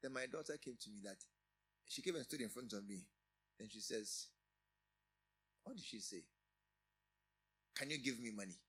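Preacher guy, middle-aged, husky bright voice, keeps repeating himself then bursts out loud. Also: mid-range voice, lively intonation, normal speed, long pauses. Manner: emphatic, repeats and restarts phrases, sudden rises in loudness. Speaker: pastor. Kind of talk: sermon.

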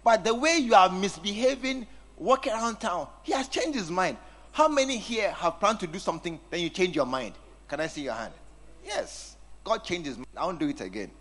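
A man's voice: high voice, expressive, normal speed, fairly bright tone. A man preaching a sermon, teasing and acting out scenes with his congregation. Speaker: pastor.

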